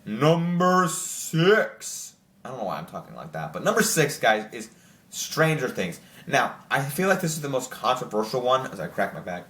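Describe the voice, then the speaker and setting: Young man, host, casual chat, excited, rambling, middle pitch, echoey room. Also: brisk. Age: young adult. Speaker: channel host ranking TV shows. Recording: roomy echo.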